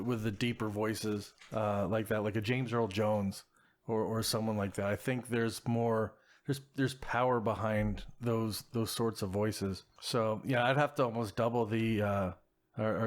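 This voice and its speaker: Measured man from the Philadelphia area. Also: fairly low pitch. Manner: measured, some stammering repeats. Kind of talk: casual podcast chat.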